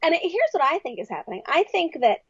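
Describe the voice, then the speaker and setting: A young adult woman speaking as a podcast guest in casual, reflective talk, animated and acting out quoted voices. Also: high voice, fast talker, dry recording. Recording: dry, slightly dull sound.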